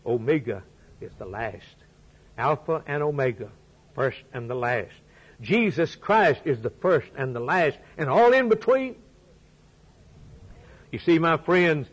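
A man preaching a sermon, telling a story and quoting scripture, swinging from loud emphatic peaks down to low, quiet phrases. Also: husky, rough recording.

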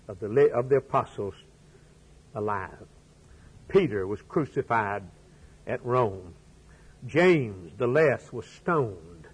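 Male preacher, husky, unhurried delivery, dramatic swings from loud to hushed. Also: mid-range voice, poor audio. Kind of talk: sermon.

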